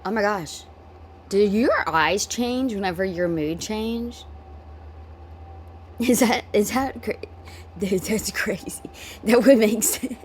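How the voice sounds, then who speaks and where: A woman's voice: mid-range voice, slow pace, long pauses. A woman giving casual, chatty reaction commentary, often exclaiming and laughing. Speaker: reaction vlogger.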